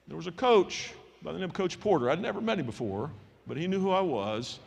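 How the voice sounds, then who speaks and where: A man in his sixties giving a commencement speech in a folksy, animated storytelling manner, acting out the people in his story. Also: a little high, fairly quick, creaky, husky. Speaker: commencement speaker. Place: large hall at a graduation ceremony. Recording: long reverb from a large hall.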